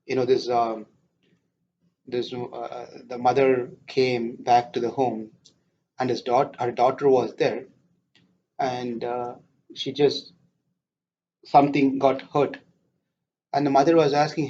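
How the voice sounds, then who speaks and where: A man teaching a scripture class, telling a story in a lively way and putting questions to his audience. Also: mid-range voice, slow, pauses often. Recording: dull lo-fi lecture recording.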